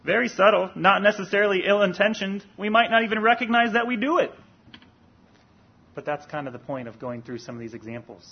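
A man preaching a sermon in an earnest, deliberate way, rising for emphasis on key points. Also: high voice, animated, vocal fry, husky, highs cut off.

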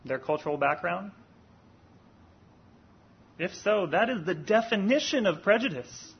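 A man preaching a sermon in an earnest, deliberate way, rising for emphasis on key points. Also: fairly high pitch, husky, dull audio.

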